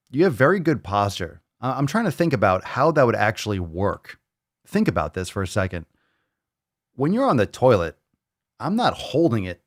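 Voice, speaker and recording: A man's voice: lowish voice, no room sound. Guy hosting a fitness podcast, goofy and hyped, cusses a lot, dry close sound. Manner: joking, animated, swears freely. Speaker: podcast host. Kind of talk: casual chat.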